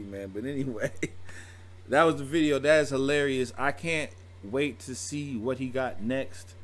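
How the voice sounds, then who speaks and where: A man's voice: mid-range voice, a little slow. A man hosting a reaction video, talking in a casual, slangy way and laughing in amused disbelief.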